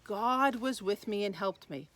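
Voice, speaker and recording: A man's voice: high voice, expressive, a little slow, a bit bright. A woman voicing a sly young man who answers in a breezy, exclaiming way.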